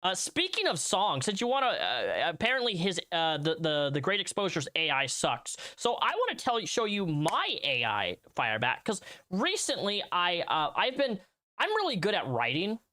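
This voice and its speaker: A man's voice: sits high, wildly swooping pitch, normal speed, sharp tone. A man hosting a livestream, talking casually and rambling, often restarting his sentences. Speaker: livestream host.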